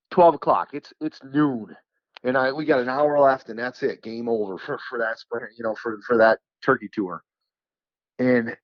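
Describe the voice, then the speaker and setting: A man from New York, a podcast guest, telling a hunting story in a casual, animated way, repeating words for emphasis. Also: mid-range voice, dry recording, dull audio. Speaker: podcast guest, turkey caller.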